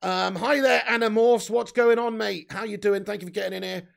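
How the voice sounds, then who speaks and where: An English man talks loosely to his live-stream viewers, reading their comments aloud and dropping in the odd swear word. His voice sits fairly high and carries a strong gravelly rasp throughout. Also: fairly even intonation, a little fast. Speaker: livestream host reading chat. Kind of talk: casual live chat.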